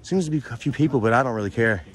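A man with a mid-range voice talks very fast while vlogging from a mountain lookout, nervous and letting out anxious exclamations. It's casual narration captured on a handheld camera, with background noise in the outdoor audio.

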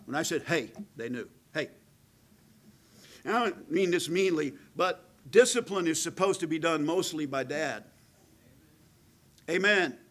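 Preaching man, loud then hushed. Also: fairly high pitch, lively intonation, normal speed, low-quality recording. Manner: swings from loud emphatic preaching to hushed near-whisper; calls out "amen" to the congregation. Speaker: pastor. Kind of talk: sermon.

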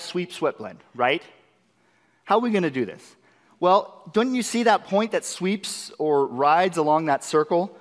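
A man presenting a live software demo class at a conference, excitable and eager, constantly tossing rhetorical questions at the audience. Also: on the high side. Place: large conference session room. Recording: long reverb of a conference hall.

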